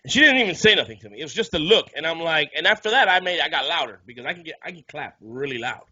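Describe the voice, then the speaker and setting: A man co-hosting a podcast in casual chat, quick to rib his co-host and tell his own stories. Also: on the high side, very animated, husky, no echo, lo-fi sound. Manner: quick, bright-toned banter and ribbing.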